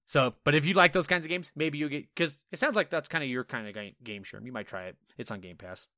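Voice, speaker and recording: A man on a casual gaming podcast with a bright, forceful voice, recorded dry and close. He tells animated stories, swears freely and acts out his own frustrated reactions in quoted asides. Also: on the high side, fast talker, no echo. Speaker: podcast co-host.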